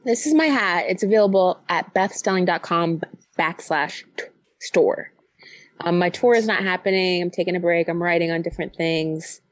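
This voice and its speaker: A woman's voice: fairly low pitch, normal speed, dry recording. A woman in her thirties, chatting playfully as a guest on a podcast. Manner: playful, jokey. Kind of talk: casual chat.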